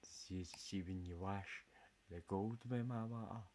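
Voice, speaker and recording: A man's voice: low voice, a little slow, a little mellow, a little hiss or hum. A Scottish man in a casual, rambling chat full of jokes and swearing. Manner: jokey, rambling, swears a lot. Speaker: vlogger.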